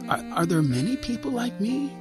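A man's voice: very high-pitched, very animated, brisk, loud music behind the voice, voice pushed up. A man voicing a timid, curious young boy who asks hesitant questions in a storybook reading. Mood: wondering.

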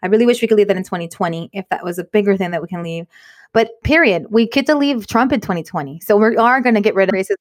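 A woman co-hosting a casual podcast, telling an animated story full of "like" and "you guys". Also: medium pitch, fast. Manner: animated storyteller, heavy use of "like". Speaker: podcast co-host.

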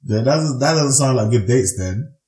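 A man co-hosting a podcast in casual chat, laid-back and quick to laugh. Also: mid-range voice, expressive, a little mellow. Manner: laid-back, laughs easily, short reactions. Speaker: podcast co-host. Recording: echoey room.

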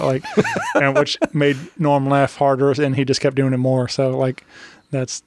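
A man with an ordinary mid-range voice hosts a relaxed podcast chat. He rambles and circles back, agreeing readily with his guest, and his voice sounds dry and close to the mic. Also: mid-range voice, no room sound. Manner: rambling, many fillers and restarts, quick to agree. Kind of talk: casual chat.

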